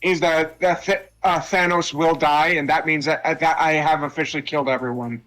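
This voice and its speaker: Guy doing a gloaty old warlord, bright sharp voice, rushing his words. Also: a little high, fairly even intonation, faint music behind, natural voice. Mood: gloating.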